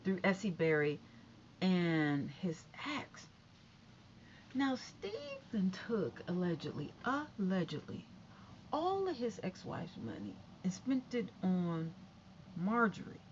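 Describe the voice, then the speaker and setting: A woman's voice: on the low side, big pitch swings, slow, darkish tone, dull audio, slight background noise. A woman vlogging casual celebrity gossip in a chatty, catty way, full of asides and repeated no's.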